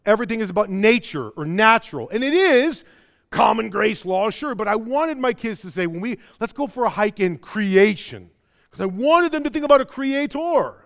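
A man preaching with a Chicago-area accent and a fairly high voice. He swings from loud, emphatic stretches to low, quiet ones, tripping over and repeating words when he gets going. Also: big pitch swings, brisk, vocal fry. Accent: Chicago-area American. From American Midwest. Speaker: pastor. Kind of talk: sermon.

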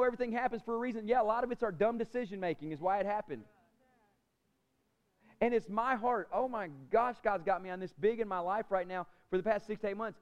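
A man delivers a sermon from the pulpit, his voice sitting high for a man. He presses hard on key lines, then sinks to a near-whisper. The recording is dull and lo-fi, with a muffled top end. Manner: impassioned preaching, swinging from loud emphasis to soft near-whisper. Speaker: pastor.

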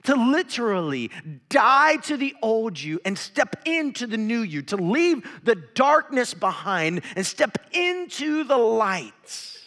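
Man, pastor preaching, high bright voice, shouts then whispers, long hall reverb. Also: big pitch swings, takes it slowly. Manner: dramatic swings from shouting to hushed whispers. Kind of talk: sermon.

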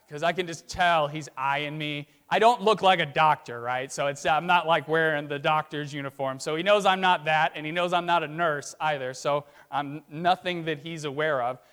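A middle-aged man from Virginia preaches a sermon as a pastor. He talks in a relaxed, storytelling way and often checks in with the congregation. His voice sits a little higher than most men's. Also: smooth. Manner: conversational storytelling with tag questions.

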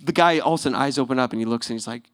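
A man's voice: mid-range voice, racing. A male pastor telling a story in a sermon, laughing often and acting out the lines of the people in it. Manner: animated, laughing, acts out quotes.

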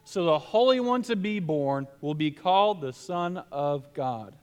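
Male pastor delivering a lively sermon in a high voice, playful and dramatic. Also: a little slow, smooth. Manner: animated, acts out scripture dialogue with laughs.

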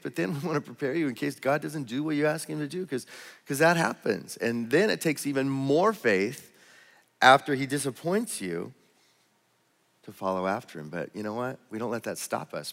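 A man's voice: mid-range voice, lively intonation, brisk, gravelly, big-room sound. A man preaching a sermon as pastor, telling stories in a loose, conversational way with frequent restarts. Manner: conversational, storytelling, with repeated restarts. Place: church auditorium.

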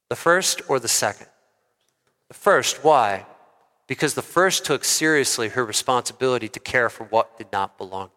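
A man preaching a sermon as a pastor, conversational and lively, asking the congregation questions. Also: fairly high pitch. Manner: lively and conversational, asks the crowd. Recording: long hall reverb.

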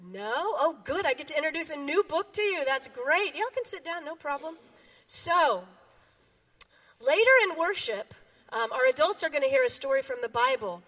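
A woman in her forties with a very high, lively voice leads a children's message in a church sanctuary. She reads a picture book as an animated, expressive storyteller, her pitch bouncing all over. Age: 40s. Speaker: children's sermon leader.

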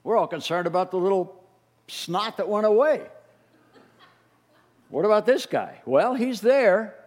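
A middle-aged man preaching a sermon as a pastor, telling the story in an animated way and acting out the voices he quotes. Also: high-pitched, a little slow. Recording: long reverb of a large hall.

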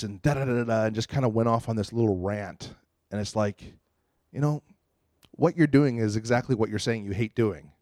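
A man's voice: medium pitch, darkish tone, no room sound, studio quality. A man preaching a conversational sermon, earnest, and acting out quotes and little prayers as he goes. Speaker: pastor.

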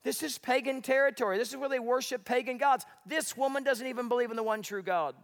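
A male minister preaching a sermon in an animated, conversational way, full of rhetorical questions. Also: extremely high pitch, fast, in a large hall.

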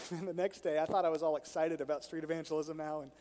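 A high-voiced man preaches in a storytelling style, acting out the people in his stories. He talks in an animated way. His voice carries the long reverb of a large church hall. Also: fast talker, a little hiss or hum. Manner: animated, acts out quoted people, chuckles while telling. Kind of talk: storytelling sermon.

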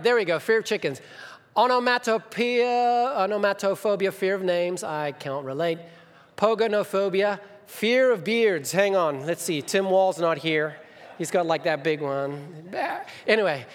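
Middle-aged male pastor, high-ish voice, animated storyteller, hall reverb. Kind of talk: sermon with personal stories. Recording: long reverb of a church hall.

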